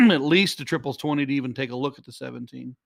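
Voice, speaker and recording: Gravelly teasing darts co-commentator, male. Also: medium pitch, animated, fast talker, fairly bright tone, no room sound. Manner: teasing, dry humor. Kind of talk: live sports commentary banter.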